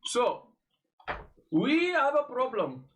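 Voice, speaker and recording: A man's voice: very high-pitched, wildly swooping pitch, slow, a bit bright, reverberant, recorded from a distance, rough recording. A man running a tabletop role-play, speaking formally in character with many stalling fillers. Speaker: game master voicing a character.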